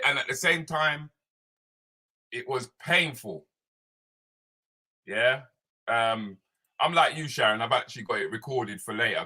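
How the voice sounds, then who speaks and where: A man hosting a live stream as a comedian, chatting loosely and greeting viewers by name. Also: mid-range voice. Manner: animated, loose, slangy, talks straight to viewers by name.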